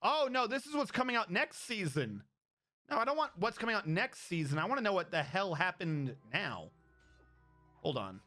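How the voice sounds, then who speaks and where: A man with a high, bright voice talks casually on a stream. He rambles, swears often and keeps restarting his sentences. Faint music plays quietly underneath. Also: very animated, normal speed. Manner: rambling and profane, with many restarts. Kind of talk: casual chat.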